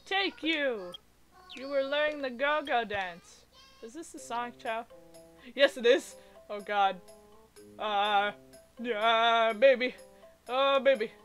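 A woman with a high voice talks at an unhurried pace, giggling and cooing at the characters in her game. Her commentary is chatty and excitable. Game music plays clearly behind her. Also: low-quality recording. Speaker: gaming video creator. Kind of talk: let's play commentary.

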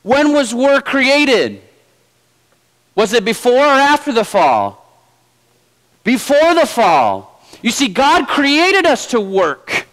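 A man's voice: extremely high pitch, wildly swooping pitch, slow, long pauses, a bit bright, low-quality recording. A male pastor preaching a sermon in a conversational way with light humor. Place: church.

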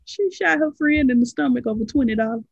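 A woman's voice: high-pitched, animated, vocal fry, muffled recording, a crowd in the background. A young adult woman co-hosting a casual podcast, reading celebrity headlines with sassy, drawling remarks. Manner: sassy, drawling, quick to laugh. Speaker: podcast co-host.

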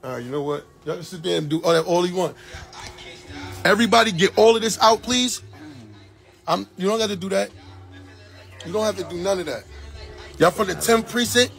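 A man's voice: high-pitched, animated, fairly quick, gravelly, pauses often, a bit bright, soft background music. A man livestreaming on his phone from the doorway of his home, talking agitatedly and repeating his pleas and demands. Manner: agitated, repetitive pleading demands. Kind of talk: live phone stream confrontation.

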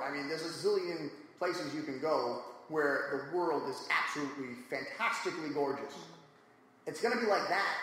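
A man's voice: on the high side, fairly bright tone. A man on a live panel discussion, talking casually and with animation, joking and slipping into mock quotes as he retells stories. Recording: echoey live hall with faint noise.

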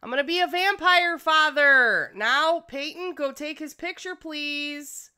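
A woman hosting a casual let's-play, excitable and exclamatory as she bosses her game characters around. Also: high voice, a little slow. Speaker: gaming channel host.

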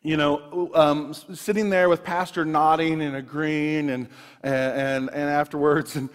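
A man preaching a sermon, telling personal stories in an animated way with frequent restarts, in a church sanctuary. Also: a little high, measured pace. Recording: long reverb of a large room.

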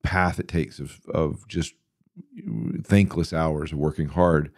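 A middle-aged man hosting a podcast, telling stories in a rambling, animated way with many fillers. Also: rumbling low, slow, no room sound, clean studio sound. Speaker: podcast host answering listener questions. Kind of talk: casual interview talk.

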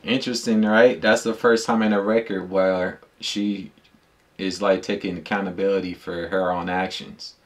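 A man's voice: low-pitched, little pitch movement, moderate pace. A man giving casual reaction commentary on a song as a music YouTuber, laid-back and slangy, thinking aloud with fillers into a dedicated microphone.

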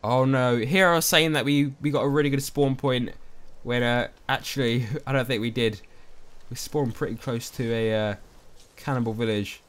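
A man's voice: mid-range voice, normal speed, clean tone. Jumpy young man playing a game. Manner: excitable, jumpy and easily spooked, talks to viewers. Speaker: gaming YouTuber. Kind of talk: let's play commentary.

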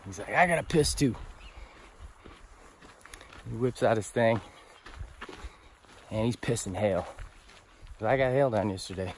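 A man on a long-distance hike telling a story casually, animated and profane, laughing as he goes. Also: on the low side, moderate pace, long pauses, slight background noise. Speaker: thru-hiker vlogger. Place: outdoors on a mountain trail.

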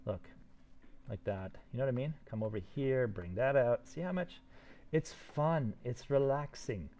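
Excited older man teaching 3D modeling. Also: medium pitch. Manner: excited, encouraging, talks fast while demonstrating. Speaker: 3D modeling instructor. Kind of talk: live software tutorial.

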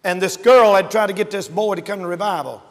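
A man preaching a revival sermon, swinging between shouted warnings and hushed storytelling. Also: high-pitched, fast talker, big-room sound.

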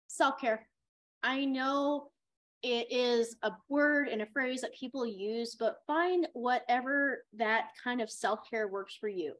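Woman acting coach, slightly high pitch, chatty and encouraging workshop delivery. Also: fairly bright tone. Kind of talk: workshop talk on auditions.

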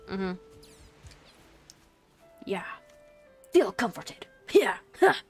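A woman chats her way through a game, narrating what she does and talking straight to the creatures she meets. Her voice sits at a middle pitch, playful and rambling, with light apologies and jokes. Faint music plays underneath. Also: lively intonation, normal speed, long pauses. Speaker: gaming channel host. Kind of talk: casual gameplay commentary.

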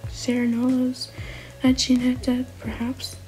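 A woman whispering as a frightened male dwarf shopkeeper who cowers and pleads in a high, jumpy voice, in a whispered role-play storybook reading. The tone stays soft and mellow, with faint music underneath. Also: completely flat delivery, a little slow, low-quality recording. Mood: anxious.

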